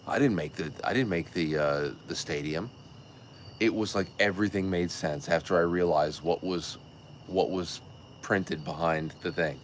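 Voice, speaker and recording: A man hosting a casual livestream, telling a rambling, excitable story with restarts and swearing. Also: low-pitched, a little hiss or hum. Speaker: show host.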